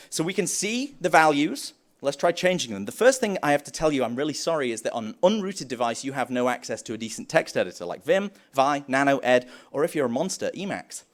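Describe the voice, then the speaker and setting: A young man giving a live conference talk on developer tools, joking and acting out playful back-and-forth dialogue. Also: on the high side. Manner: animated, jokey, acts out playful dialogue. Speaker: conference speaker.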